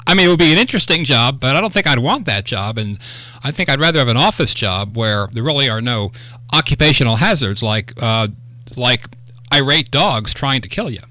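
Man, radio talk host, casual chat, joking asides, bright voice, dry close recording. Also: mid-range voice, expressive, a little fast, no room sound. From upstate New York.

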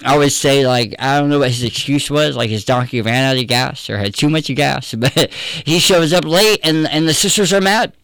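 A man's voice: a little high, fairly bright tone, clean tone, dry recording. Candid man, dry close sound. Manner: candid, earnest, conversational with fillers. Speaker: pastor. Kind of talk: personal storytelling in an interview.

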